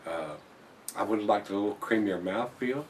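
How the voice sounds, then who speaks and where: Blunt beer review guy, lowish voice, sits back a bit from the mic, faint hiss behind. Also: normal speed, recorded from a distance. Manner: blunt, swears when annoyed, repeats himself. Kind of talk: casual beer review vlog.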